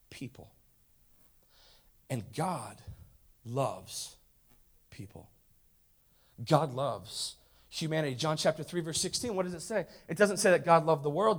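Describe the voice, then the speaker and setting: A high-pitched male pastor in his thirties preaches to his congregation. He drops to near-whispers and then builds to loud, emphatic declarations. He keeps pressing the room with rhetorical questions. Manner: dramatic swings from hushed to loud. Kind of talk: sermon.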